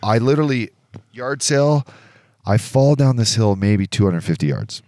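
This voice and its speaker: A man co-hosting a podcast, telling a story in casual chat, animated and profane, acting out what others said. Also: medium pitch, normal speed, no room sound. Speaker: podcast co-host. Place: indoor studio.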